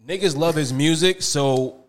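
A man's voice: fairly high pitch, unhurried. A man co-hosting a casual chat show, talking things over in an earnest way with plenty of slang. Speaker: podcast co-host.

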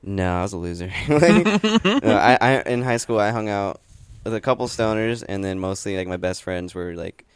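A man's voice: lowish voice, expressive, normal speed, clear, resonant tone. A young man chatting casually and teasing his co-host, leaning heavily on "like.". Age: young adult. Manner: laid-back, teasing, heavy use of "like". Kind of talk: casual chat.

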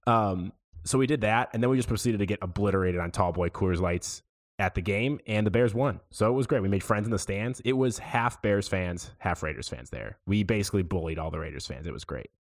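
A young man with a lowish voice tells a loose, rambling story on a podcast. His talk is relaxed and casual. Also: a little fast. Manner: laid-back rambling storyteller. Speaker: podcast co-host. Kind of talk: casual chat.

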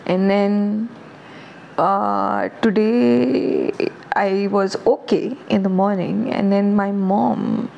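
A woman's voice: medium pitch, steady tone, drawn-out words, creaky, dull audio, a little hiss or hum. A woman hosting her own podcast, talking on her own in a candid, rambling, self-reflective way. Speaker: podcast host. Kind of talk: casual solo podcast monologue.

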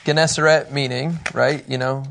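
A man teaching a casual Bible lesson in an animated way, often laughing. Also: mid-range voice, normal speed, gravelly. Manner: animated, laughing, acting out scripture quotes.

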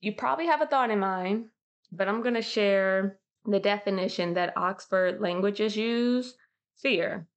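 A woman hosting her own podcast, talking to listeners in a casual, slangy way. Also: medium pitch. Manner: slangy, chatty, addresses listeners as y'all. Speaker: podcast host. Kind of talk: casual solo podcast monologue.

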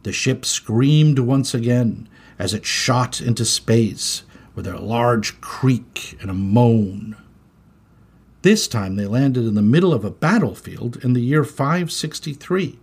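A man reading a children's story aloud in an expressive, animated way. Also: medium pitch, slow pace, slightly rough.

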